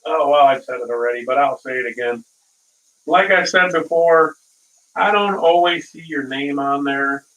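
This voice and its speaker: A man's voice: fairly high pitch, normal speed, fairly bright tone, lo-fi sound. A man hosting a casual live cooking stream, rambling through stories and chuckling at his own dad jokes, from a distant mic.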